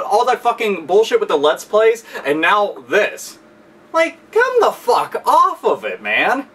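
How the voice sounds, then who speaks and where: A man's voice: sits high, pushed and bright. A man hosting a video, ranting angrily with heavy profanity and sarcasm, recorded a bit far from the mic. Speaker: video host. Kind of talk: angry ranting commentary.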